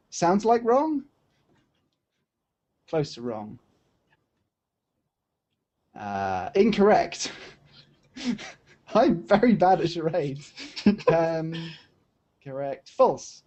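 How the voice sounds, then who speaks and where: A man's voice: fairly high pitch, darkish tone. A male podcast co-host in casual chat, playfully guessing at charades with short spoken guesses.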